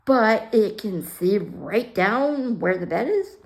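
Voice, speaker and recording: A woman's voice: mid-range voice, lively intonation, slow, rough recording. A woman casually telling a personal story on her vlog, blunt and heated, swearing freely and sometimes dropping almost to a whisper.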